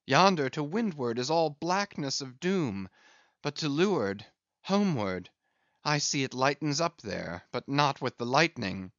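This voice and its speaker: A man's voice: medium pitch, lively intonation, a little slow, no room sound, muffled recording. A man voicing Starbuck, an earnest, anxious ship's first mate who calls out warnings to the crew. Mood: brooding. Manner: urgent, shouted warnings.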